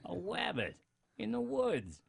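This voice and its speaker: A soft, babyish cartoon hunter tiptoes through his lines in a hushed voice. He is prone to sudden, furious snaps. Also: sits high, wildly swooping pitch, a little slow, vocal fry, breathy edge, voice pushed up, full character voice. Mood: hushed childlike. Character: childlike cartoon hunter who snaps into rage.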